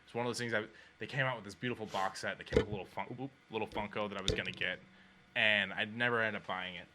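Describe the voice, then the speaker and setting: A man co-hosting a casual podcast, telling stories with lively energy and acting out the voices of the people in them. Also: fairly low pitch, fast talker, very noisy. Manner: animated storyteller, acts out quoted voices. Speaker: podcast co-host. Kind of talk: casual chat.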